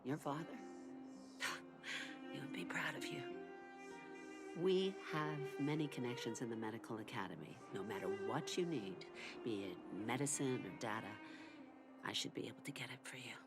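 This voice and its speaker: An actress voicing a gentle, loving old mother in a video game, speaking slowly and tenderly. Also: a bass voice, animated. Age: older. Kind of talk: game voice acting. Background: game music.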